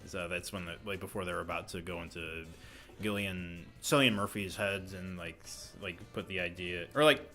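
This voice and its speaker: A man's voice: low-pitched, normal speed, pushed and bright, soft background music. A young man chatting on a podcast, easygoing and filling his talk with "like". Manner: lots of "like" fillers, easygoing. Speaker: podcast co-host. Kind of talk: casual chat.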